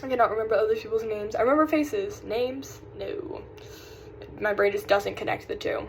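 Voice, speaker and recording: A woman's voice: fairly high pitch, moderate pace, a little hiss or hum, low-quality recording. A young woman from South Carolina with a light Southern accent, chatting casually in a vlog, rambling and often losing her train of thought. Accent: Southern American. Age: young adult. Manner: rambling, distracted, sighing. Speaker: vlogger. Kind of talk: casual chat.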